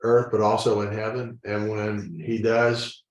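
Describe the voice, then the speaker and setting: A man's voice: on the low side, level tone, a little slow. A man in a casual group discussion who keeps restarting his phrases as he searches for words. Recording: echoey room, distant mic.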